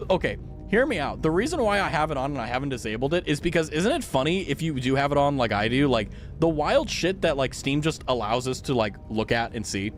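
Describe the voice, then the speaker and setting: A man's voice: on the high side, big pitch swings, brisk, soft background music. A man streaming a game, chatting casually and joking at his own expense. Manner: joking, rambling, self-mocking. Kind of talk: casual chat.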